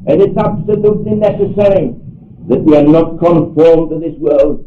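A man's voice: on the high side, normal speed. An older man preaching a sermon, earnest and emphatic, repeating key phrases for stress. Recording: echoey hall over a tinny phone-like line.

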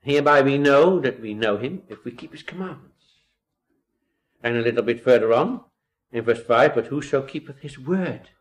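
A man delivers an earnest Bible sermon at a medium pitch, walking through scripture verse by verse. He reads old-style scripture aloud and climbs into emphatic peaks on key points. Rhetorical questions keep the tone pressing. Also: expressive, normal speed. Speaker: preacher.

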